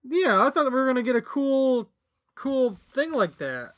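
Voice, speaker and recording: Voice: sits high, very animated, normal speed. A podcast co-host reviewing a movie in casual banter, rambling and giggly, with lots of fillers.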